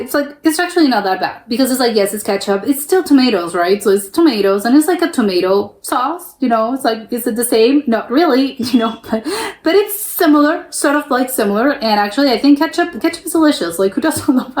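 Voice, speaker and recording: A young US woman with a higher-pitched, slightly mellow voice hosts a reaction video, offering casual, chatty commentary. She rambles, stumbles into restarts and fillers, and laughs without much prompting. The audio carries room echo.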